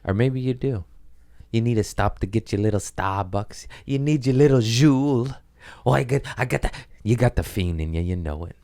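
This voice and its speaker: A man's voice: medium pitch, normal speed, warm tone, no room sound. A man hosting a casual comedy podcast, rambling in a profane, self-mocking way. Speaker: podcast host. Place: at home, gardeners working outside.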